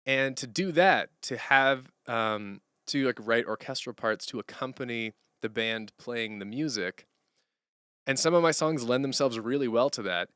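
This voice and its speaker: A man on a live stream, talking loosely and rambling as he answers chat from a hardwood floor at home. His voice is smooth and crisp in a dry, close-miked sound. He laughs easily between thoughts. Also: mid-range voice, measured pace, a bit bright, dry recording. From Canada. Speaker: streamer and musician.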